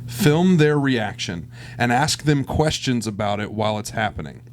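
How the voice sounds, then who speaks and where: A man's voice: medium pitch, animated, normal speed, slight background noise. A man co-hosting a podcast, chatting in an upbeat, supportive way. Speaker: podcast co-host. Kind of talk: casual chat.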